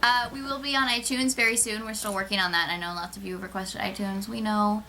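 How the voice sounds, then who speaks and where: A woman hosts a relaxed chat show, laughing easily between lines. Her voice is bright and forward, at an ordinary pitch for a woman. A faint hiss sits under the recording. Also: fast talker. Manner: giggly, wraps up the show with lists of greetings. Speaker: podcast host. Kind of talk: casual chat.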